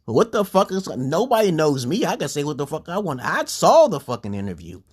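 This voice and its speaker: A man rants on a livestream in a husky, breathy voice. He rambles and swears freely, and his pitch swoops high whenever he gets worked up. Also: huge pitch swings, fairly quick. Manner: rambling, crude, jumps to high pitch when heated. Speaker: livestream host. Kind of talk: profane livestream rant.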